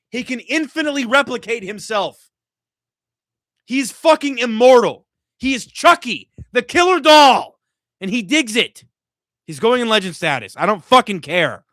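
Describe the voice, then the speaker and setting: A man with a high voice, recorded with clean studio sound and no echo, hosts a casual live stream from home. A little drunk, he rants in an animated way and swears freely.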